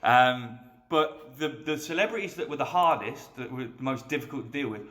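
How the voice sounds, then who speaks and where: A guest bartender tells bartending anecdotes in a casual chat, animatedly acting out the voices of the people in his stories. His voice is medium in pitch and moderately paced, recorded with a roomy echo.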